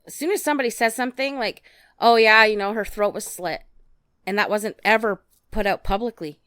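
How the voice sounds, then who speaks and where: A woman's voice: medium pitch, a little fast, a bit bright, clean tone. An outspoken, indignant woman co-hosting a casual true-crime podcast. She speaks bluntly and swears casually, close to the mic. The room is dry, with no echo. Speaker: podcast co-host.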